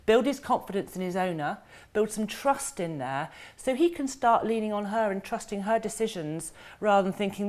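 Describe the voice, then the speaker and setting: A woman's voice: mid-range voice, animated, a little mellow. A woman, a dog behaviour expert guest, talking casually in a TV studio and acting out dogs and owners as she explains. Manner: chatty, acts out dogs and owners in quick voices.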